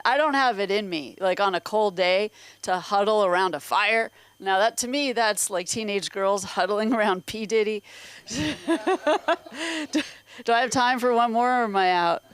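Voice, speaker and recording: Woman, stand-up comic, clear smooth voice, fairly high pitch, blunt profane delivery. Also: dry recording. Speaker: stand-up comedian. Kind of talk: stand-up comedy. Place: comedy club stage.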